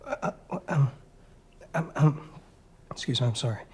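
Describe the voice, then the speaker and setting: A man's voice: medium pitch, animated, measured pace, darkish tone, husky. An actor playing a nervous man at an audition who stammers and apologizes. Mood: flustered.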